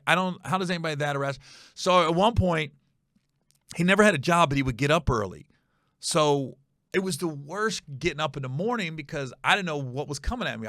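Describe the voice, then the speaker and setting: A comedian telling a comic story on his podcast in an animated, wry, profane way. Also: on the high side, no room sound, studio quality.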